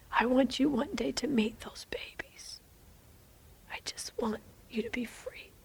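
A woman voicing the Lord as a gentle, sorrowful male figure in whispered role-play, speaking slowly with pleading repetitions. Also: sits high, slight background noise, voice pushed up. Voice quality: soft breathy whisper. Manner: slow, tender, pleading repetitions.

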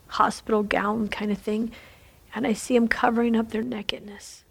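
A woman's voice: fairly high pitch, steady tone, moderate pace, gravelly, slight background noise. A woman leading a fervent prophetic prayer, repeating phrases and often dropping into a whisper. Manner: fervent, repetitive, slipping into whispers. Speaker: prayer leader.

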